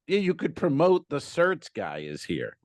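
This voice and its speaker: A man co-hosting a comedy podcast, telling showbiz stories in a loose, animated way with some swearing. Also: a little high, dry recording. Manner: animated storyteller, swearing, does quick impressions in stories. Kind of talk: casual comedy podcast chat.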